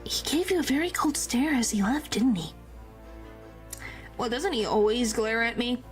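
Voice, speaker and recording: A young adult woman streamer chatting casually over gameplay, playful and quick to indignation. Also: on the high side, lively intonation, faint music behind.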